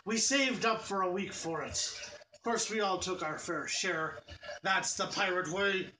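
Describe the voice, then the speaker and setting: A man putting on a jolly, high-voiced birthday pirate who growls and chuckles heartily. The voice comes from a distance in an echoey room, with plenty of noise underneath. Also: measured pace, bright, forceful tone. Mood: scheming. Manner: hearty, growls arr and har har. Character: jolly male pirate giving birthday greetings. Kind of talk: recorded birthday greeting in character. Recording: echoey room, mic far off, noisy.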